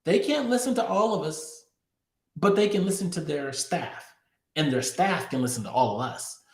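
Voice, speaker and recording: Host type: a man with a fairly high voice, emphatic and direct to camera, in an echoey room. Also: animated, normal speed. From Texas. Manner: emphatic, addressing viewers directly. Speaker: crypto show host. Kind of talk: political news commentary.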